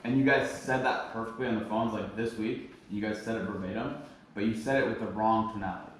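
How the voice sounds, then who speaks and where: A man's voice: fairly low pitch, a little fast, recorded from a distance, a little hiss or hum. Man coaching a sales team, echoey room. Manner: coaching, emphatic, repeats himself. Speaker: sales trainer. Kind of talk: team training talk.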